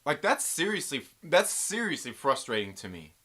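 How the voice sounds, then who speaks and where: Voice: mid-range voice, normal speed. A YouTube reviewer giving a casual, ranting review, joking and swearing, full of slang like "dude" and "bro". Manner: animated, profane, joking rants. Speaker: YouTube pop-culture reviewer.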